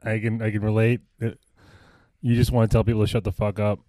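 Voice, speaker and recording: A man's voice: fairly low pitch, level tone, fast talker, mellow, no room sound. A man in casual chat, joking and eagerly cutting in with questions.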